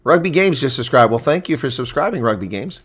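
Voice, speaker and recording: Man, live reaction commentary, casual chatty delivery, excitable at key moments. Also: mid-range voice, brisk, slightly rough. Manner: casual, gets excited on big plays.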